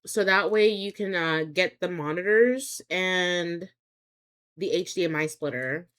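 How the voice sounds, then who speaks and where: A woman's voice: fairly low pitch, a little slow, fairly bright tone. Rambling young woman streamer, full of fillers. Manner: rambling, hesitant, many fillers and restarts. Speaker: live streamer. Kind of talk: casual chat with viewers. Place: home streaming setup.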